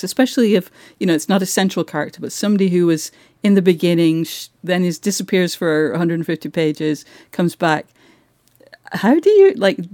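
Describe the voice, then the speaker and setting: A woman's voice: fairly low pitch, a little mellow, no room sound, studio quality. A woman interviewer asking curious, long, winding questions in a conversation.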